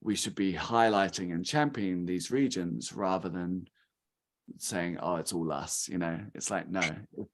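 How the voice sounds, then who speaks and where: Chatty man from England, lowish voice. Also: unhurried. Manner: chatty, animated, acts out quoted reactions. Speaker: guest speaker from a rum company. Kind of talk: casual talk at a tasting.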